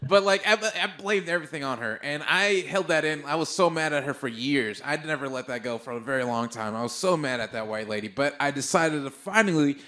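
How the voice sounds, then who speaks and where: A young man from the Bay Area telling a stand-up story on stage into a handheld mic, animated and swearing, with sudden loud outbursts. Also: fairly high pitch, brisk, hardly any pauses. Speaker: stand-up comedian. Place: stage before a live audience.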